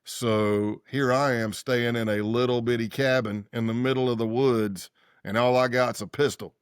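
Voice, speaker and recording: A man's voice: mid-range voice, normal speed, smooth, no room sound, clean studio sound. Chatty man acting out stories. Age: 50s. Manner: acts out quoted dialogue in lively voices; loose, rambling, self-correcting speech. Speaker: former undercover agent, guest. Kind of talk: casual interview storytelling.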